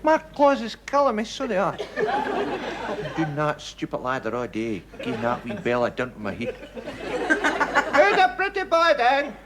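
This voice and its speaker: A man's voice: high voice, huge pitch swings, a little slow, long pauses, over a noisy crowd, exaggerated voice. An actor playing a grumpy, put-upon male pet parrot with a Scottish accent, muttering complaints about his owner. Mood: grumbling. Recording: old TV sketch with loud studio audience laughter and noise.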